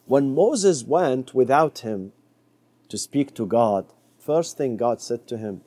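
A middle-aged man preaching a sermon, telling a story and dropping to a soft low voice for quoted words. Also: lively intonation, takes it slowly, no echo.

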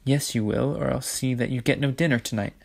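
A man's voice: medium pitch, fairly even intonation, brisk, vocal fry. A man voicing a haughty, bossy teenage girl in a storybook reading, commanding and falsely sweet. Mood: imperious.

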